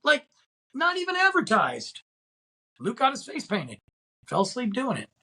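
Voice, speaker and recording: A man's voice: very high-pitched, huge pitch swings, measured pace, sharp tone, husky. A man hosting a podcast, talking in a casual, rambling and enthusiastic way full of slang. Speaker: podcast host.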